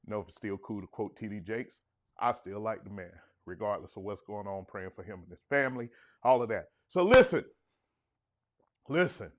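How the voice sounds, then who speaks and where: A man's voice: on the low side, moderate pace. A man hosting a relationship podcast livestream, talking casually with energy, hyping up the chat and drifting into conversational asides. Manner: hyped, energetic, call-and-response with the audience.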